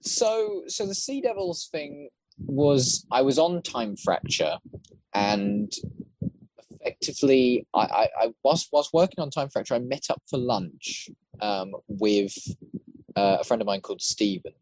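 This podcast guest, a voice actor and prop maker, has a medium-pitched, animated, slightly mellow voice and speaks unhurriedly. He rambles eagerly in casual chat, frequently starting his sentences over as thoughts spill out, with slight background noise behind him.

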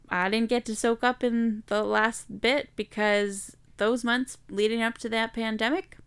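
A woman's voice: medium pitch, creaky, a bit bright, clear, resonant tone. A young adult woman hosting her own podcast, telling a hard personal story in a candid, reflective way. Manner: candid, reflective, slow and emotional. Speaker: podcast host.

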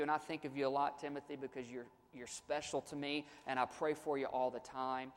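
A man's voice: medium pitch, level tone, brisk, few pauses, long reverb tail. A man preaching a sermon, earnest and repetitive, often restarting his phrases as he reads and explains scripture. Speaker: pastor.

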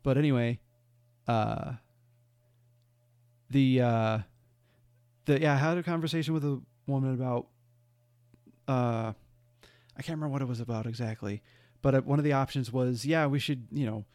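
A man co-hosting a podcast in casual chat, telling rambling, animated stories and laughing often. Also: mid-range voice, normal speed, pauses often, smooth. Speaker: podcast co-host.

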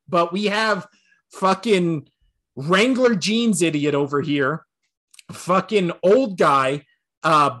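A man's voice: high-pitched, a bit bright. A man co-hosting a casual sports podcast, ranting bluntly with lots of swearing and laughter. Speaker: podcast co-host.

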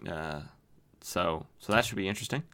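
The man speaks in a low, sharp-toned voice at a moderate pace. He hosts a podcast and casually recaps comic books, sounding enthusiastic and chatty with frequent fillers.

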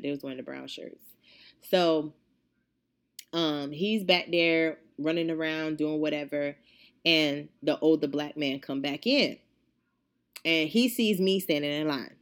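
A young woman host telling a story in casual chat, animated and profane, getting heated as she retells it. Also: low voice. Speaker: podcast host.

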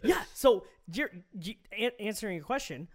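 A man's voice: sits high, animated, moderate pace. A man co-hosting a casual podcast, arguing his opinions emphatically and swearing freely. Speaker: podcast co-host.

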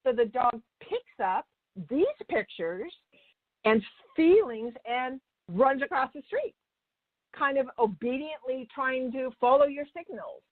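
Slow and expressive, her high-pitched voice comes through a dry, tinny recording that sounds like a phone. This woman animal communicator teaches with chatty anecdotes, often restarting her sentences and acting out people's dialogue.

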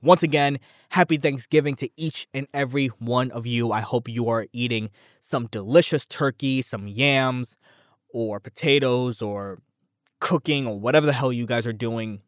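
A man's voice: mid-range voice, normal speed, dry recording, studio quality. A young man hosting a casual solo podcast, rambling and self-deprecating, repeating words as he goes, sounding a bit out of breath. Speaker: podcast host.

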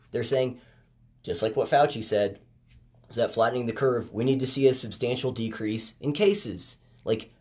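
A man hosting a casual commentary podcast, talking conversationally and getting animated when he makes a point. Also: mid-range voice. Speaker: podcast host. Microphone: headphones with phone recording.

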